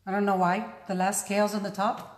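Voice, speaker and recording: A woman's voice: mid-range voice, little pitch movement, brisk, roomy sound. A woman with a non-native English accent, chatting casually as she demonstrates a painting technique. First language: not English. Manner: chatty, self-deprecating, talks while working. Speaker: craft tutorial host.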